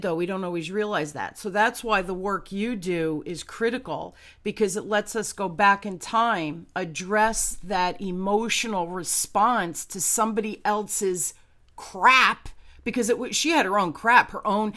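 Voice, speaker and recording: A woman in her fifties telling a candid personal story as a guest, chatty and animated, often tagging "right?". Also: medium pitch, moderate pace.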